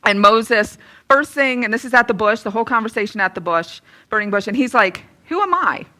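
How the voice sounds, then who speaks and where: Bright-voiced woman in her thirties giving a testimony. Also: fairly high pitch, brisk. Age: 30s. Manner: candid and self-deprecating, lively when retelling. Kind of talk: personal testimony and Bible teaching.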